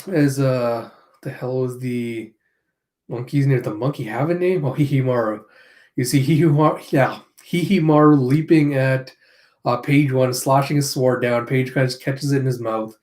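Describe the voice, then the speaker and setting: His mid-range voice stays steady and darkish as he reviews manga. Reading through a comic chapter casually, he narrates the panels, adds off-hand, sardonic remarks, and briefly voices the characters.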